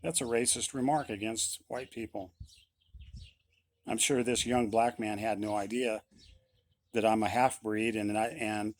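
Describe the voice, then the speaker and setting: A man's voice: on the low side, steady tone, unhurried, long pauses. A middle-aged man, a musician, giving a blunt, insistent opinion monologue and repeating his points.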